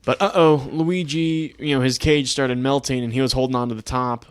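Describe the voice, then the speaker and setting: A man's voice: mid-range voice, steady tone, moderate pace, clear, resonant tone, dry recording. A young adult man co-hosting a podcast, casually and animatedly retelling a movie's plot with frequent laughs. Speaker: podcast co-host. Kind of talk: casual chat.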